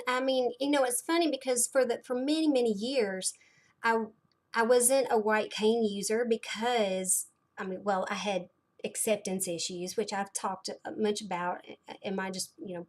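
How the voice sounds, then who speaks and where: Chatty woman in her thirties. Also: mid-range voice. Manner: rambling and chatty, filler-heavy, with sudden dramatic asides. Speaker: host of a blind community livestream. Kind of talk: casual livestream chat.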